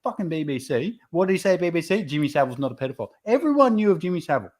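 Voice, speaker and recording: A man co-hosting a relaxed podcast over a beer, worked up and ranting. He swears often, and his pitch swings widely from low mutters to high outbursts. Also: very fast. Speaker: podcast co-host. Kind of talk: casual chat over a beer.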